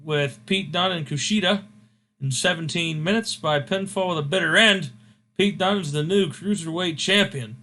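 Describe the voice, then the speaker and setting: A man's voice: on the high side, moderate pace, sharp tone. A man hosting a casual game recap, rambling with fillers as he scores each segment. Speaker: host.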